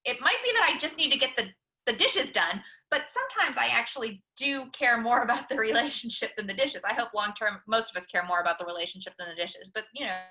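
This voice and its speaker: A woman speaks with a crisp, bright tone and a slightly high pitch, leading a counseling webinar. She explains ideas through everyday personal examples, pausing often with "um" as she thinks. It sounds like an online talk over shared slides. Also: lively intonation, rough recording. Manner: personal examples, frequent "um" pauses. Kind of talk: conversational webinar lecture.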